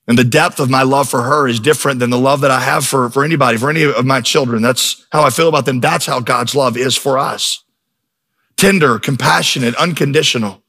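A man's voice: mid-range voice, a little fast, bright, forceful tone. A middle-aged man preaching a sermon in a church, emphatic and storytelling, building to intense peaks. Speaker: pastor.

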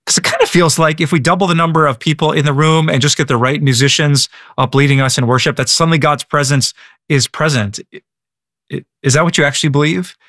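Male pastor, higher-pitched voice, casual and halting with lots of restarts, dry close recording. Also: fairly even intonation, fairly bright tone, dry recording. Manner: casual, many stammered restarts and repeated words. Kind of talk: prayer and answering a listener question.

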